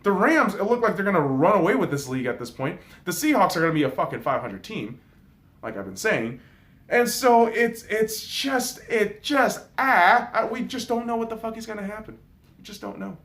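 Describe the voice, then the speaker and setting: A young man hosting a podcast, talking sports in a casual, profane, excitable monologue with big swings in volume. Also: sits high, normal speed. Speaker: podcast host.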